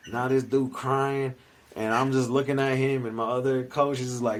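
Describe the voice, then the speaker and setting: A man's voice: medium pitch, flat delivery, moderate pace, slight background noise, rough recording. A man co-hosting a podcast in casual chat, talking loosely with slang and swearing freely. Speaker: podcast co-host and youth coach.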